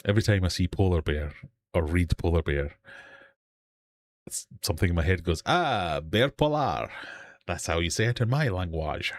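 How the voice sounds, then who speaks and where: A man's voice: deep voice, a little fast, long pauses. A man hosting a casual live stream from his fish room, rambling and self-deprecating as he chats and runs a quiz. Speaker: host of a live fishkeeping hangout stream.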